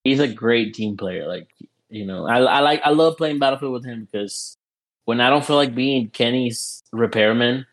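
A man telling profane, animated stories in a casual podcast chat. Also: mid-range voice, normal speed.

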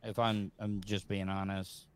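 A podcast host interviewing a guest, speaking hesitantly with many fillers. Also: male voice, low-pitched, little pitch movement, a little slow, smooth.

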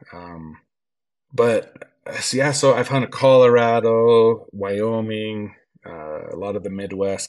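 A man telling a hunting story as a podcast guest, animated and acting out the lines of others. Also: sits low. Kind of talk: storytelling in a casual interview.

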